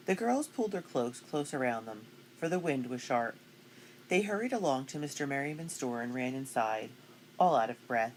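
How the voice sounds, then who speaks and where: A woman narrating a children's chapter book aloud with clear, expressive reading. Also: rumbling low, moderate pace, slight background noise. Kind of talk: storybook read-aloud.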